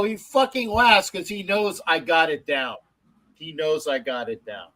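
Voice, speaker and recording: A male host chatting about sports in a loose, rambling way. His voice sits a little high, and he stumbles through fillers and drops the odd curse. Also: lively intonation, unhurried, sharp tone, poor audio. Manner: rambling, swears, hesitant with fillers. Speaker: podcast host. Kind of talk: casual sports chat.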